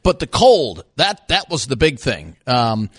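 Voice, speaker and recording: A man co-hosting an agriculture radio talk show. His voice is middle-pitched and sounds dry and close. He talks in a halting, filler-heavy way. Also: huge pitch swings, a bit bright, husky, no echo. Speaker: radio farm show co-host.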